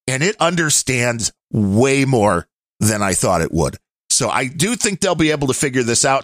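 A middle-aged man co-hosts a podcast, chatting casually, rambling a bit and laughing easily. His voice is medium-pitched and fairly bright, captured dry with clean studio sound.

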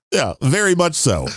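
A man's voice: a little high, a bit bright, no echo, studio quality. A man co-hosting a podcast, rambling and grumbling through his opinions in casual chat. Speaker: podcast co-host.

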